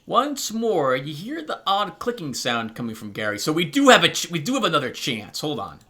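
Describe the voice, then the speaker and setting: A man's voice: on the high side, wildly swooping pitch, moderate pace, bright, forceful tone. A man narrating and commenting on a story game he plays, thinking aloud casually. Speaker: let's play host. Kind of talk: let's play commentary and narration.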